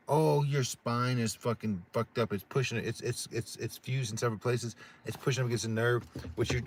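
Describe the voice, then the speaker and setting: A middle-aged man talks in loose, profane casual chat, stumbling and restarting his sentences often. His voice sits at an ordinary male pitch, and a faint hum of noise lies under it. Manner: profane, rambling, many restarts. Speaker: livestream co-host.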